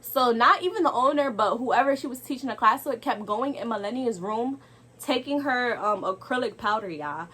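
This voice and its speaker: A young woman tells a casual storytime to the camera, animated and exasperated, tossing rhetorical asides to her viewers. Her voice is on the high side and slightly rough, at a moderate pace.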